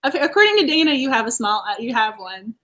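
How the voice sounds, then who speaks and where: A woman hosting a casual chat about books, chatty and quick to laugh. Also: a little high, very animated, fairly bright tone. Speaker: host.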